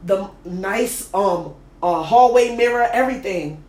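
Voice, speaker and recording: A woman hosting a casual chat and telling a lively, slangy story about a date. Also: medium pitch, a little slow, reverberant. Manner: animated, slangy, laughing storyteller. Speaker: host.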